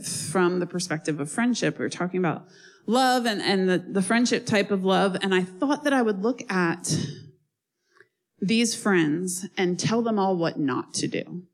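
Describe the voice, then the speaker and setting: A woman preaching a sermon in a conversational, animated way, with asides to the listeners. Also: lowish voice, rough recording.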